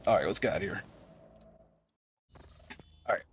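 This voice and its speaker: A man's voice: low voice, moderate pace, slight background noise. A man commentating casually over a game he is playing, rambling and thinking aloud. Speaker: gameplay streamer.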